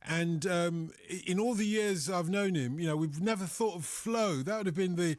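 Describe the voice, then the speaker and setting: A man's voice: high-pitched, moderate pace. A man hosting a live football show, chatty and playful, teasing his guest with questions. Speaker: host.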